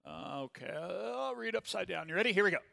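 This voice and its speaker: A man's voice: high-pitched, big pitch swings, creaky, pushed and bright. Man teaching a Bible class in a hall. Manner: conversational, checks in with "okay?" often; reads scripture slowly and emphatically.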